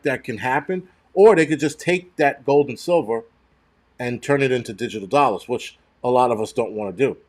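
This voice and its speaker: A man's voice: mid-range voice, a little mellow. A male host rants on a casual livestream in a mid-range voice. He talks bluntly and swears often, rambling and restarting his sentences as he goes.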